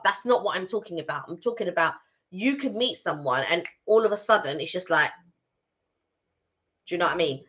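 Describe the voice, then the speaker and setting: A woman's voice: mid-range voice, expressive, fairly quick, sharp tone. A woman co-hosting a live stream, chatting casually and animatedly, with frequent restarts. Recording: dull lo-fi stream audio.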